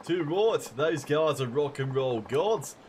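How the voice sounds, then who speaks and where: A man voicing an excitable young punk fan of a rock band in a video game. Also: takes it slowly, slight background noise. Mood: excited. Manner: gushing, high and excitable.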